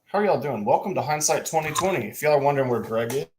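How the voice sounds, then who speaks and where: A man's voice: on the high side, animated, fast, background noise. A man co-hosts a live fishing show from his home. His talk is loose and slangy as he greets viewers one after another by name over a computer mic. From Texas. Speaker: podcast co-host. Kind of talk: casual livestream chat. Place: home room.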